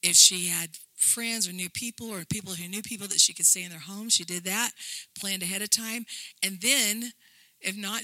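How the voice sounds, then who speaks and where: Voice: medium pitch, sharp tone, no room sound, low-quality recording. A church minister telling a rambling, earnest faith story while presenting slides. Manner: rambling, earnest testimony with frequent restarts. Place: lives in Brussels.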